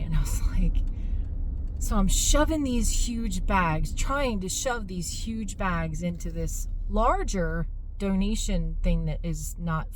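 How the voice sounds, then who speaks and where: A woman's voice: fairly low pitch, background noise. A middle-aged woman chatting casually to camera in a vlog, exasperated and laughing at herself. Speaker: fitness business owner.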